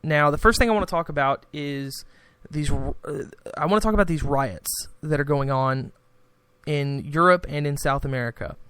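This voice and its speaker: A man's voice: fairly high pitch, normal speed, a bit bright, clear, resonant tone, no room sound. Man rambling through political commentary, dry close sound. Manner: rambling, restarts, acts out quoted exchanges. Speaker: podcast host.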